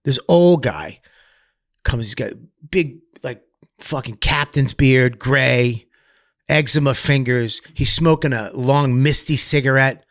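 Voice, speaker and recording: A middle-aged man tells a raw story from his past in a podcast interview. He swears freely and gets animated, shouting out the lines of the people he remembers. The recording is dry and close. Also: mid-range voice, slow, dry recording. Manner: profane, animated, acts out other people's voices loudly. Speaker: comedian guest. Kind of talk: candid storytelling in conversation.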